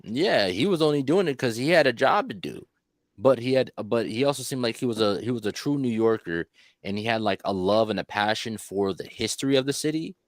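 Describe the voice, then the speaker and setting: A man hosting a podcast, talking casually about a film in a rambling, profane, animated way. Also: medium pitch, a little fast, no echo, studio quality. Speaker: podcast host.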